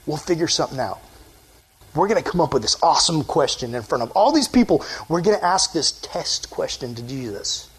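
A man voicing a group of scheming religious scholars who plot in a hushed, conspiratorial murmur. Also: fairly high pitch, very animated, a little fast, husky, heavily acted.

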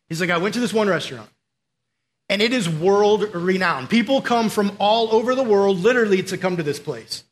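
A young man delivers a conversational sermon, full of asides to the crowd and quick quoted voices. His voice sits high for a man and carries a lot of energy. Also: animated, a bit bright. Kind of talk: casual sermon with storytelling.

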